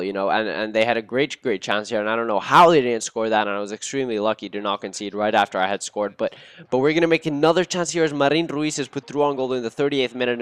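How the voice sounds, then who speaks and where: A young man talks through his gameplay in a smooth, clear voice, flaring into excited, swearing outbursts. The sound is dry and close, with no room around him. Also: medium pitch, no room sound. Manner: excitable, cursing, bursts of outrage at misses. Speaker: gaming channel host. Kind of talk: casual gameplay commentary.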